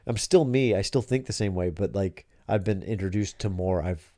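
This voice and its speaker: Low, mellow-voiced middle-aged man. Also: normal speed, dry recording, studio quality. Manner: rambling, searching for words. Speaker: podcast host. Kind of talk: casual father-daughter chat.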